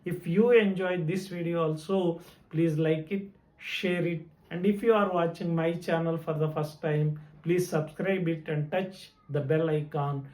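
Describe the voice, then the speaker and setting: A man with a Telugu accent teaching English grammar, pausing often and repeating each example sentence. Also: fairly high pitch, fairly even intonation, darkish tone, reverberant, poor audio. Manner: slow and deliberate, many hesitations, repeats example sentences. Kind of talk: grammar lesson.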